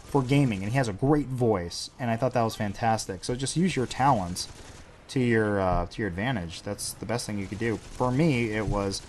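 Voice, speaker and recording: A man's voice: fairly low pitch, normal speed, darkish tone, a little hiss or hum. A man hosting a casual Q&A, answering viewer questions in a dry, sarcastic way. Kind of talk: casual Q&A chat.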